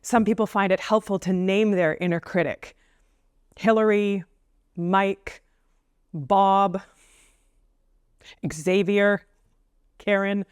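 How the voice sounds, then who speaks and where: A woman counsellor giving casual advice straight to camera, playful, with joking asides and slower stresses on key points. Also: mid-range voice, steady tone, clear, resonant tone, no room sound, studio quality.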